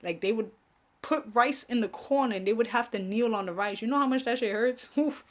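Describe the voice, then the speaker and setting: A woman's voice: fairly high pitch, a little fast. A young woman hosting a casual live stream, chatting with viewers, laughing often and swearing freely. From Caribbean family, raised speaking Spanish. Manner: profane, laughing, talks to viewers. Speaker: host of a live online show.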